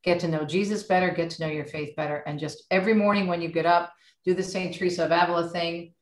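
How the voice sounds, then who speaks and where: A middle-aged American woman, a radio host, telling stories in an outspoken, animated way during a casual faith chat. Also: fairly low pitch, quick pace. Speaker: radio host and author, guest. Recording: roomy echo.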